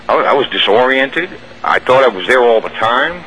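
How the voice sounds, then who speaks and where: Male guest recounting an ordeal; bright, pushy voice, vivid and rambling. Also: mid-range voice, expressive, moderate pace, slight background noise, poor audio. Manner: rambling, vivid storytelling with restarts. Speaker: radio show guest. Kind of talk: recounting a personal experience.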